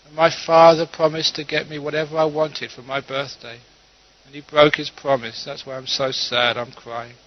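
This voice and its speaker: A man's voice: a little high, flat delivery, moderate pace, lightly acted. A man voicing a young hired actor in a story, plaintive and then pointed. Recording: dull lo-fi recording.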